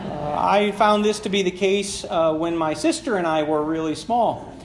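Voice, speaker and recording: A man's voice: high voice, normal speed. A man preaching a sermon as a conversational personal story, with many fillers and laughing at himself. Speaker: pastor. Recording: echoey room with faint background noise.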